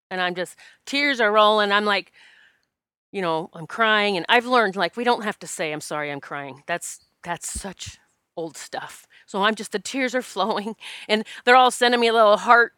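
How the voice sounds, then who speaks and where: A woman's voice: medium pitch, clear, resonant tone, no echo, clean studio sound. A woman who practises Reiki, telling a personal story in a candid, emotional, casual way and acting out what people said. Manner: emotional, candid, animated quoting of herself.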